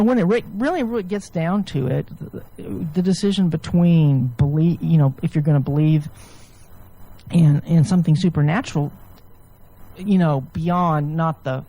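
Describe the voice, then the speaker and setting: Mellow-voiced woman doctor musing. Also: low voice, low-quality recording. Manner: thoughtful, restarts often, rambling explanations. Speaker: guest author, physician. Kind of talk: casual interview chat.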